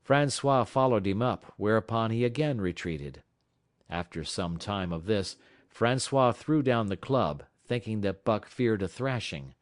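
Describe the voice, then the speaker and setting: Low-voiced man narrating an audiobook. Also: animated, no room sound, studio quality. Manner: measured, dramatic storytelling. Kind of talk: scripted narration.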